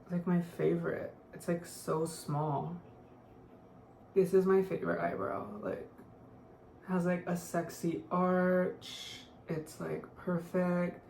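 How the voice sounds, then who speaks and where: A woman's voice: lowish voice, little pitch movement, slow, gravelly, darkish tone. A young woman chatting casually through a makeup tutorial, full of "like" fillers and offhand remarks. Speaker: beauty vlogger. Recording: echoey room, faint noise.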